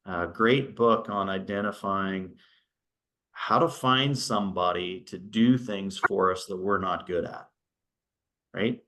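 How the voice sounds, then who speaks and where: A low-pitched, sharp-toned middle-aged man talks slowly in a casual video-call presentation for a virtual business workshop. His manner is conversational and story-driven, and he keeps asking "right?".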